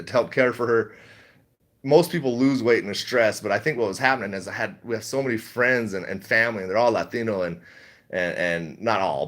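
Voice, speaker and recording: A man's voice: on the low side, a bit bright. A middle-aged man chatting casually on a livestream, reading chat, rambling and laughing often.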